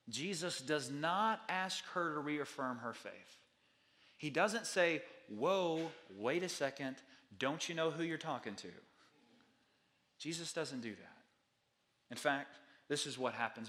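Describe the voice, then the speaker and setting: Earnest preaching man, softening on key lines. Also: medium pitch. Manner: earnest, repetitive preaching cadence that drops soft on key lines. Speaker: pastor. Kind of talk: sermon.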